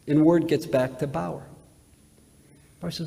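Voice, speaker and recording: A man's voice: on the high side, a little slow, gravelly, pauses often, dark tone. Occupation: rabbi. Sex: man. Style: sermon. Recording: hall reverb. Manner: emphatic storyteller with repetitions and dramatic swings in volume. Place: large synagogue sanctuary. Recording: reverberant hall, live webcast.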